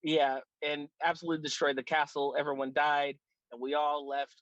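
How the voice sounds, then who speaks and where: A man's voice: on the high side, normal speed, no room sound, dull audio. A man, a dungeon master, telling a funny table story in casual chat. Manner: animated, laughing, with restarts.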